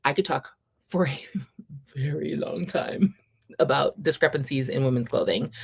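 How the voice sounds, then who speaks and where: This is a woman in her thirties hosting a relaxed reading livestream. She has a low voice and talks in a chatty, wry way, reading out viewer comments and riffing on them. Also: measured pace, gravelly, long pauses, slightly rough. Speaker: readathon livestream host.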